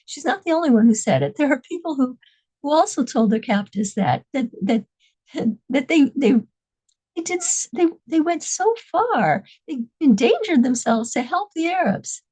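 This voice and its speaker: A woman telling a story in a halting way, often repeating and restarting her words. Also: sits high, sing-song, mellow, poor audio. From United States, New York and Massachusetts. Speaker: religious speaker. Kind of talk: storytelling talk.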